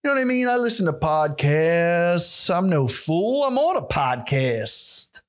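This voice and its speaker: Young male podcaster, solo monologue, slightly high voice, sarcastic and profane. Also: big pitch swings, a little slow. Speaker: podcast host.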